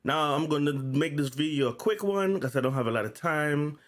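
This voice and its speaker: A man's voice: fairly high pitch, moderate pace. A man hosting his own channel, reading news notes aloud in a casual way and often stuttering, repeating and restarting words. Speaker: channel host.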